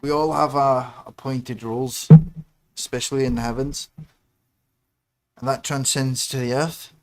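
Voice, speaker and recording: A man hosts his own livestream in a loose, rambling chat. He drifts from musing aloud into muttered asides. His voice sits at an everyday middle pitch for a man. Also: steady tone, a little slow. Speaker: livestream host.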